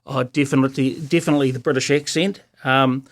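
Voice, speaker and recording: A man guesting on a radio talk show, relaxed and a little hesitant. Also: mid-range voice, fast talker. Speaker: party leader, radio guest. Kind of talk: casual chat.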